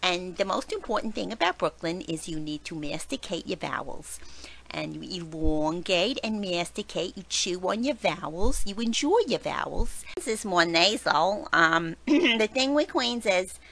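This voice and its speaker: Theatrical woman with a gravelly voice. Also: on the low side, animated, unhurried, a bit bright. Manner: theatrical, demonstrates each accent. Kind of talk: playful accent demonstration.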